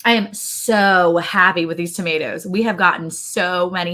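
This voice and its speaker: A chatty middle-aged woman with a drawl, co-hosting a casual homestead livestream. Her voice sits a little low, and she laughs easily and calls out viewers by name between stories. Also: fairly even intonation, moderate pace, sharp tone.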